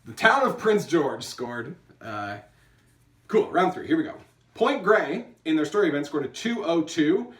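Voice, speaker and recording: A man's voice: fairly high pitch, sing-song, a little slow, reverberant, distant mic. A man hosting an online improv tournament from his apartment, chatting casually with lots of fillers and restarts while thanking people and reading out scores. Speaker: host announcing tournament scores. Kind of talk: casual online awards announcement.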